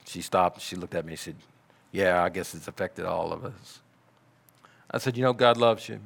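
A man preaching a sermon, telling a story in a measured way and dropping to soft, quiet passages. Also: deep voice, creaky. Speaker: pastor.

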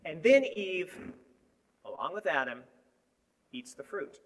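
A high-voiced man delivers a sermon with a lively, swooping pitch. He moves from emphatic bursts to hushed, low asides as he talks to the congregation. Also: takes it slowly. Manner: animated, shifting between emphatic and hushed. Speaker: preacher.

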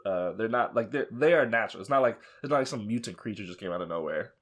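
A man's voice: fairly low pitch, expressive, fast, fairly bright tone. A man co-hosting a chatty podcast, explaining his topic in a rambling way with many restarts. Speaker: podcast co-host presenting a topic. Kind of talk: casual chat.

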